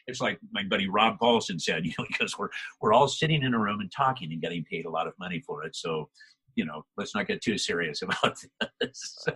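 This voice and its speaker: An older male voice actor chatting in an interview, animated, laughing often and acting out quotes. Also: fairly low pitch, a little fast, vocal fry, breathy edge. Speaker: voice actor guest. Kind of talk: casual interview chat.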